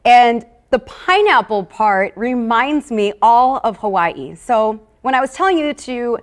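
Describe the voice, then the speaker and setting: A woman's voice: on the high side, animated, measured pace. A woman hosting a live wine tasting in a casual, upbeat way. She talks straight to her viewers and drifts into personal stories and asides. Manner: talks straight to viewers, calling them "you guys".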